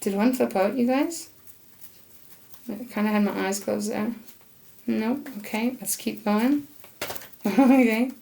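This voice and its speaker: Woman tarot reader, casual and excitable, chats to the cards and spirit, frequent laughs and coughs. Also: on the high side, slow, creaky, long pauses. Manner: chatty and enthusiastic, talks to spirit aloud, laughs often. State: occasional coughing. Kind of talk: casual tarot card reading to camera.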